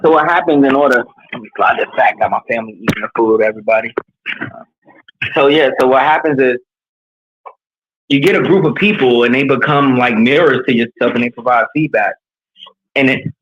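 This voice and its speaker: A man from New York speaking as a leadership coach, earnest and animated as he opens up in a candid interview. His voice sits at a middle pitch for a man. The sound is a little dull and lo-fi. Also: slightly rough.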